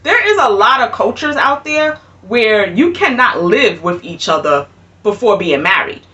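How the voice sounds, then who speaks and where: A young adult woman telling a casual storytime, animated and laughing, often repeating herself. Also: fairly high pitch. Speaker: vlogger. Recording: voice a bit far from mic.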